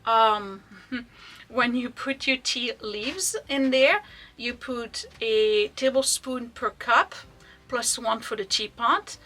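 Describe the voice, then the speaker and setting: A woman with a bright, crisp voice shows off vintage pieces from her shop in a chatty, enthusiastic way. She talks casually and now and then drops into soft asides. Faint music plays behind her. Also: on the high side, takes it slowly. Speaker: online vintage shop owner. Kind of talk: casual product showcase.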